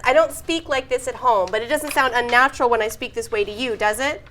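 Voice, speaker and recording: A woman's voice: a little high, fairly quick, a bit bright. Articulate woman teaching a class.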